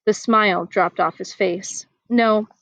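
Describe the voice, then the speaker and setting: A woman reading a children's novel aloud outdoors in the wind, animated and giving the characters voices. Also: mid-range voice, moderate pace, dry recording, rough recording. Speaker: reader. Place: outdoors, windy.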